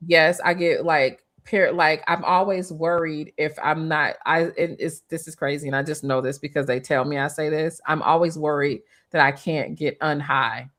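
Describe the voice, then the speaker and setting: A woman's voice: deep voice, moderate pace, hardly any pauses. A middle-aged woman, a former hairstylist, telling a story in a casual interview, restarting often and acting out the people she quotes. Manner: animated, restarts often, acts out quoted voices.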